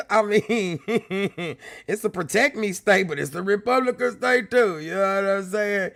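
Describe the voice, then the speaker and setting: A man hosts a live stream, talking to his viewers in a high voice. His tone is bright and forceful. He stresses his points, says them again, and swears freely. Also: lively intonation, normal speed, gravelly, no echo. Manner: emphatic, repeats himself, swears freely. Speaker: livestream host.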